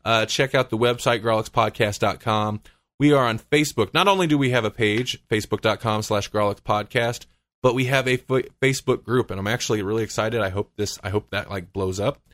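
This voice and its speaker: A man's voice: on the low side, a little fast, fairly bright tone, dry recording. A man hosting a casual podcast chat, rambling with lots of fillers and frequent laughs. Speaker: podcast host.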